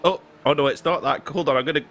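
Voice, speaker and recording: A man's voice: fairly high pitch, fast, over music. A man hosting and commentating a sim race, playful and teasing his co-hosts. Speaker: commentator and show host. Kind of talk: live sim racing commentary. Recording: background noise under commentary.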